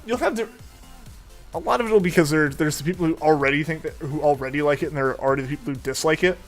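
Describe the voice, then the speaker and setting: A young man talks casually while he plays, rambling through his thoughts with plenty of "like" and "uh" and frequent restarts. His voice sits a little high for a man. Faint game music plays behind him. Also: fast. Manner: rambling, with many fillers and restarts. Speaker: streamer. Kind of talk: casual chat while gaming.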